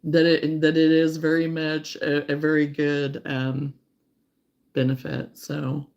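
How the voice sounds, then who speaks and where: A woman hosting a casual crochet livestream, chatting warmly and reading out viewer comments, sometimes close to tears. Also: low-pitched, completely flat delivery, slow, muffled recording. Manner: warm, emotional, reads viewer comments aloud.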